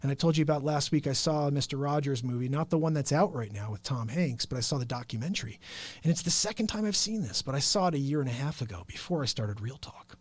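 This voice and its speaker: A man's voice: mid-range voice, lively intonation, fast talker, no room sound. A man hosting his own talk stream, speaking in an earnest, upbeat, rambling way. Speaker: host. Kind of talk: casual solo livestream talk.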